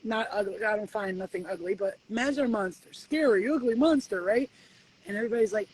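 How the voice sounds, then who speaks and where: A woman's voice: medium pitch, fast talker, a little hiss or hum, low-quality recording. Woman, spiritual reader, casual profane live-stream sermonizing, mid-range voice. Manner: profane, preachy, animated.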